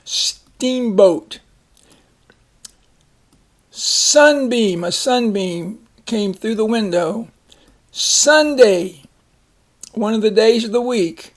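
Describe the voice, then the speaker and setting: A man teaching a phonics lesson, slowly reading words, splitting syllables and giving example sentences. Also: high voice, animated. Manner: slow, deliberate, repeats each word and splits syllables.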